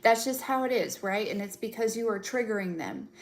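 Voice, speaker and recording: A young woman giving a spiritual reading in a loose, chatty way, trailing off with fillers and breaking into giggles. Her pitch sits in an ordinary middle range, and she drops in the odd curse word without slowing down. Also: animated. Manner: chatty, giggly, swears casually, many fillers. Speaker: tarot reader. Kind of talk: casual spiritual live chat.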